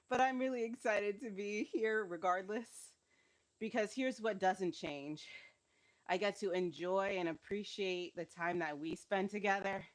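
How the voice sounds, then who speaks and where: A fitness instructor leads a live-streamed workout in a mid-range voice. She is cramping and feeling unwell, yet stays encouraging and laughs often.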